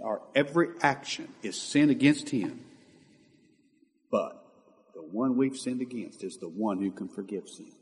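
A man preaching a sermon with passion, moving between loud emphatic lines and quiet, hushed asides. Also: mid-range voice.

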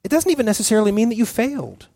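A male pastor delivers a sermon in an earnest, halting way, circling back with fillers and restarts as he works toward his point. His voice sits a little higher than most men's. The recording is dry and close, with almost no room sound. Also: lively intonation, mellow, no echo.

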